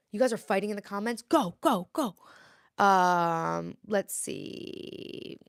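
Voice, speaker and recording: A woman's voice: medium pitch, fairly bright tone, no echo, studio quality. Chatty woman live-streaming. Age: 30s. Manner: chatty, answers comments aloud, rambling. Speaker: livestream host. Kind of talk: casual live-stream chat.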